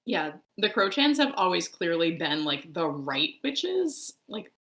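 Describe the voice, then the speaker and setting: Bright-voiced woman in casual chat. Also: on the low side, a little slow, rough recording. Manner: animated, frank, swears freely. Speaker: book club podcast co-host.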